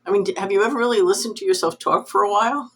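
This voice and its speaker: A woman's voice: mid-range voice, racing, a bit bright, breathy edge. A woman hosting a cross-stitch vlog, chatting casually to camera in a nasal, rambling, self-deprecating way.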